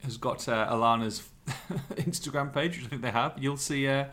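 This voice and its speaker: This is a man in his forties hosting a casual podcast. He tells long, rambling, self-deprecating anecdotes in an everyday mid-pitched voice. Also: moderate pace, fairly bright tone. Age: 40s. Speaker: podcast host. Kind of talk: casual chat.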